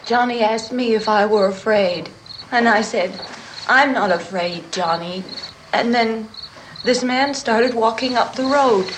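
A woman plays a young woman in shock in an old horror film, her dreamy, drifting voice high and slow. She breaks into crying screams. A loud hiss sits behind her. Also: natural voice. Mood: dazed. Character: dazed young woman in shock, then hysterical. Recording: noisy old film soundtrack.

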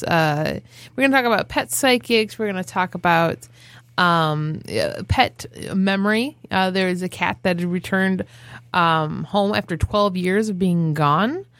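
A woman hosts a podcast with a lively, bouncing delivery. She jokes and teases her co-hosts and swears freely. Her voice is recorded close and dry. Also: medium pitch, unhurried, no echo. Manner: jokey, playful, swears freely. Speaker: podcast host. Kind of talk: casual chat.

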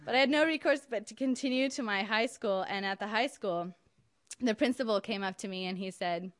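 A woman's voice: medium pitch, a little fast, dry recording. A woman telling a personal story in an emphatic, wry, indignant way. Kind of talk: personal story told to an audience.

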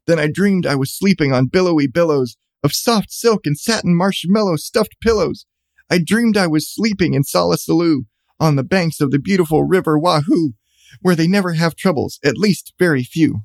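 A man's voice: fairly high pitch, expressive, moderate pace, no room sound. A man reading a rhyming children's storybook aloud with a bouncy cadence.

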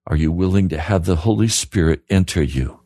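A man's voice: sits low, brisk, warm tone, no room sound. A man preaching a radio sermon, earnest and pleading, repeating his questions to the listener. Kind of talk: sermon broadcast.

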